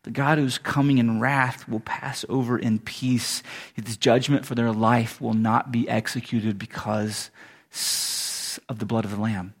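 A man preaching a sermon in a conversational way, correcting himself mid-sentence and rising into animated asides. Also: mid-range voice, unhurried. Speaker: pastor.

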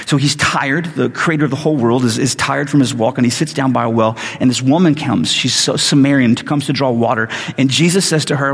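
A man's voice: mid-range voice, fairly quick, vocal fry, few pauses, slightly rough. A man giving a sermon, retelling a story in a casual, conversational way with slangy asides. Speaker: preacher. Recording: long reverb of a large hall.

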